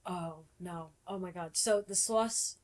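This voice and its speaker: A woman's voice: fairly low pitch, slow pace, a little mellow. A young woman from New Jersey telling a rambling, profanity-laced story as she co-hosts a casual podcast chat. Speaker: podcast co-host.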